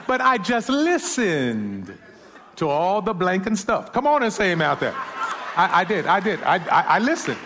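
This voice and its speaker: Stammering pastor preaching in a reverberant hall. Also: male voice, high voice, sing-song, moderate pace, fairly bright tone. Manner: stammering, repeats words, calls for amens. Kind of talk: sermon.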